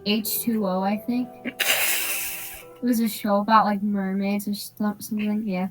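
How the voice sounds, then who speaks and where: A woman's voice: mid-range voice, flat delivery, a little slow, faint music behind, low-quality recording. Rambling giggly young woman co-host. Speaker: podcast co-host. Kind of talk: casual chat.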